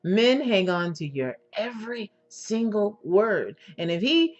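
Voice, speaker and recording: A woman giving an instructional talk as an intimacy coach, in a sultry, drawn-out manner, often checking in with "okay?" and using endearments. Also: medium pitch, sing-song. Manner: endearments to the listener. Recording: dull lo-fi recording with faint music.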